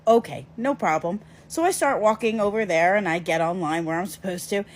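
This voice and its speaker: Speaking to camera in a relaxed vlog, a woman with a medium-pitched voice tells a personal story with lively emphasis, tossing in brief asides to whoever's watching.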